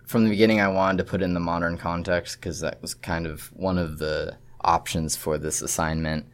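A male student giving a halting, thoughtful spoken reflection on his assignment. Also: sits low, flat delivery.

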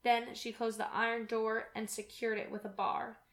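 A woman's voice: fairly high pitch, level tone, moderate pace. Woman narrating a fairy tale with room echo. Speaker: reader. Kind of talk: fairy tale read-aloud.

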